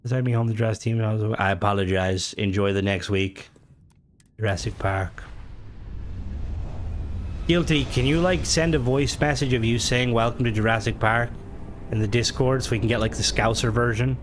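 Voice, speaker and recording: A man's voice: mid-range voice, moderate pace, slight background noise. A man streaming a game, chatting casually in a rambling, sweary way that keeps breaking off and restarting. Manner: rambling, sweary, self-interrupting. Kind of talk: casual gaming stream chat.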